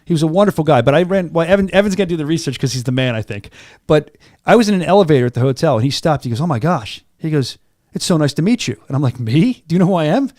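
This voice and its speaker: A man's voice: a little high, lively intonation, very fast, a little mellow, no room sound. A man hosting a combat sports podcast in a studio, chatting casually and telling stories with enthusiasm. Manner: enthusiastic, storytelling, repeats words. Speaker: podcast host.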